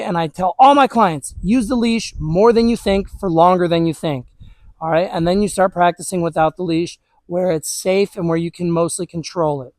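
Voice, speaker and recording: A man with a notably high voice, chatting his way through an outdoor dog training lesson. His delivery is relaxed and loose, peppered with "all right" and "you know". The recording is dry and close. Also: dry recording, rough recording. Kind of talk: casual instructional talk. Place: outdoors with dogs.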